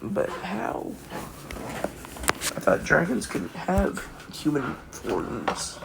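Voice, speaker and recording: A man's voice: fairly high pitch, very animated, very slow, gravelly, noisy background, heavily acted. A man voicing a nervous teenage girl who is secretly a devil, speaking in a hesitant, questioning way. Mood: surprised.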